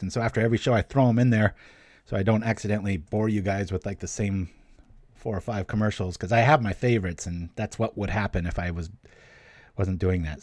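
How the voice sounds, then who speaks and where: A man's voice: lowish voice, darkish tone, no echo, clean studio sound. A man hosting a card game show, chatting casually as he plays and talks himself through each move. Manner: chatty, self-talking, cracks small jokes. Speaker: gaming channel host. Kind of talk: casual gameplay commentary.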